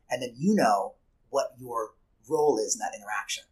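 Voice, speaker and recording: A man in an easygoing podcast chat, speaking in a middle-pitched voice. He teaches and slips into short acted-out quotes, changing his tone for each one. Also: brisk, poor audio. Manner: animated, acts out quoted speech. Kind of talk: casual podcast conversation.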